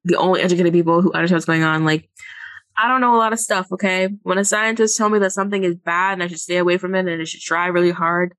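A woman's voice: fairly low pitch, steady tone, fast, fairly bright tone, dry recording. A woman co-hosting a podcast, talking in a chatty, emphatic way and reading quotes aloud. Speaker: podcast co-host. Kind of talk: casual podcast chat.

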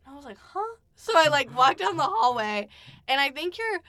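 A woman's voice: high-pitched, brisk, dry recording. A young woman hosting a podcast, telling stories in casual chat and acting out quotes with lots of filler words. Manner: animated storytelling, acts out quotes, many fillers. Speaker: podcast host.

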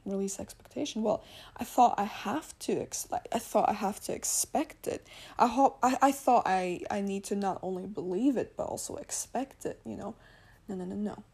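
A woman's voice: mid-range voice, moderate pace, a little mellow, breathy edge. A woman whose first language is not English, hosting a podcast and talking in a chatty, rambling way, laughing often and correcting herself. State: tired. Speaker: podcast host. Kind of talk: casual spiritual podcast monologue.

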